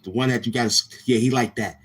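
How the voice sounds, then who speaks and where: A man hosting a live stream, teasing and roasting a viewer in loud casual banter and often breaking into laughter. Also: mid-range voice, steady tone, fast talker, slightly rough.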